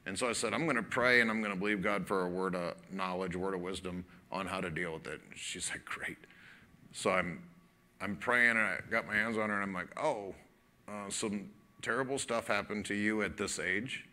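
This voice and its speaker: A man's voice: fairly low pitch, normal speed. A man pastor preaching a sermon, telling a story conversationally and acting out both sides of the dialogue. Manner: animated storytelling, acts out dialogue; casual, conversational preaching with fillers.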